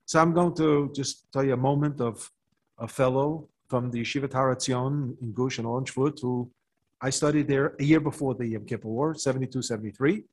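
An older American man, a rabbi, giving a Torah talk to a live audience and telling a story with rising excitement. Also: mid-range voice, a little fast, slightly rough. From United States. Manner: animated storytelling, rises in excitement.

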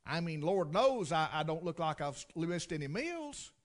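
A man's voice: on the high side, big pitch swings, moderate pace. Folksy Southern storyteller man. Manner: drawling, folksy, dry humor.

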